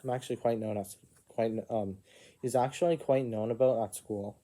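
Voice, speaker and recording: A storyteller narrates an improvised first-person fantasy adventure in a mellow, soft-edged, mid-range voice, at normal speed with fairly even intonation. He keeps breaking off for asides and self-corrections.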